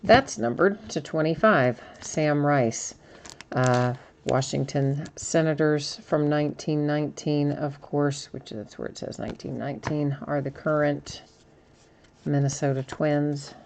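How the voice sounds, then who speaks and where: A woman's voice: sits low, unhurried, darkish tone, a little hiss or hum. A middle-aged woman hosting a live card break stream, chatting casually with viewers and reading out cards as she goes. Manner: chatty, laughs at herself, reads out cards.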